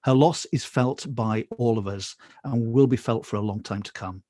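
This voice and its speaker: A man hosting a memorial conversation on a video call, speaking gently with many fillers and hesitations. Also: fairly low pitch, normal speed, no room sound, clean studio sound. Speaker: host.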